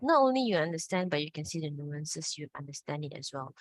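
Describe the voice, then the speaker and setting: Lively Mandarin teacher, woman. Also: low voice, fast. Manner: encouraging, switching between English and Mandarin, frequent praise. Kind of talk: online language lesson.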